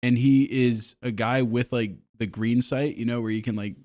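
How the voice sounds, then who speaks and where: A man chatting casually as a podcast co-host, pitched in the middle for a man. He tells stories with plenty of laughter and cheerful profanity. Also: normal speed. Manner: laughing, animated, profane storytelling. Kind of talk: casual chat.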